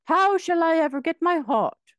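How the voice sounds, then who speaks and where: A woman reading aloud from a storybook, voicing an anxious, forceful male tin man. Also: extremely high pitch, expressive, normal speed, no echo, pitched above the performer's own voice. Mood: agitated. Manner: anguished, forceful.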